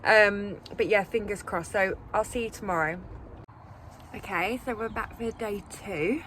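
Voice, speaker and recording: A woman's voice: medium pitch, a little slow, a bit bright. Chatty woman outdoors with noise. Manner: chatty, self-deprecating, many ums. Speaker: allotment vlogger. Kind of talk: casual chat to camera. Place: outdoor allotment plot. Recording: outdoor camera audio with noise.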